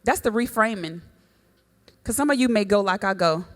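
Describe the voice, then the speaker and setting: A woman's voice: mid-range voice, lively intonation, moderate pace, a bit bright. A woman, a women's mentor and coach, gives a motivational faith talk to a live group, preaching in call-and-response style and rallying her audience. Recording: long hall reverb.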